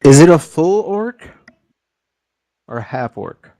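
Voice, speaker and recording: A man's voice: fairly high pitch, very animated, takes it slowly, dark tone. A man playing a tabletop game, blunt and matter-of-fact. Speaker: player.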